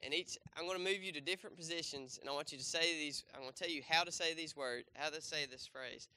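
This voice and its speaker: A young pastor gives a casual sermon in church with a volunteer demonstration, asking the congregation questions and using lots of fillers and restarts. His voice is on the high side, quick, pushed and bright, yet smooth.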